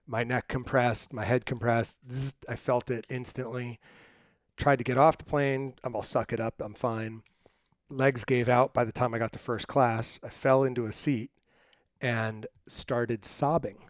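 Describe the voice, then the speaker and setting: A middle-aged man hosting a podcast interview, telling stories in a lively, animated way. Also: medium pitch, unhurried, no echo, clean studio sound. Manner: animated storyteller, acts out quotes. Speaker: podcast host. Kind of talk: casual interview chat.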